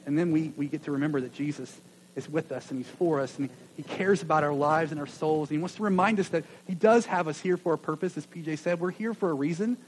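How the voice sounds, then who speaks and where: A man preaching a sermon to a gathering of churches, earnest and full of stammered restarts, rising loud then dropping to a near hush. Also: on the high side, husky, poor audio. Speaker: pastor.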